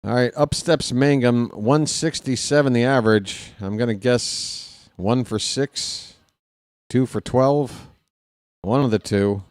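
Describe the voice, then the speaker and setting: This man's mid-range voice takes things slowly as he calls a baseball game play-by-play from a fan's partisan angle, and it is beginning to wear out. He chats with viewers and gets excited on big plays. The studio-quality recording is dry.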